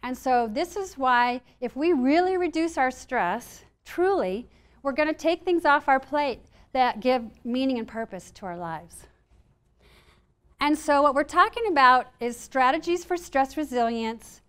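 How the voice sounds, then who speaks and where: A middle-aged woman speaks to a live audience about stress, her voice set a little high. She talks with animated energy and slips into acted-out panicked and calm inner voices to make her points. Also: smooth. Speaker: speaker at a wellness talk.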